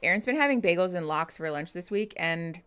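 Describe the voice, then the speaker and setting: Chatty, laughing woman streamer, a touch low. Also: lively intonation, a little fast, a bit bright, clear, resonant tone. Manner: chatty, laughs often, swears casually; reads out and answers viewer chat messages. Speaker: therapist streaming reactions to a reality show. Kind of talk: casual livestream chat.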